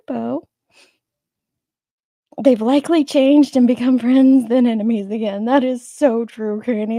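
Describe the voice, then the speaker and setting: A woman's voice: on the high side, gravelly, dark tone, no echo, clean studio sound. A woman hosting a livestream, chatting casually with her viewers, greeting them by name, and sounding a little sleepy. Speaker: livestream host. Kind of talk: casual chat with live chat viewers.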